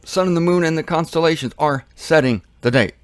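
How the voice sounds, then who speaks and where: A man's voice: on the high side, brisk, no echo. A man giving casual Bible teaching, rambling and joking with self-deprecating asides.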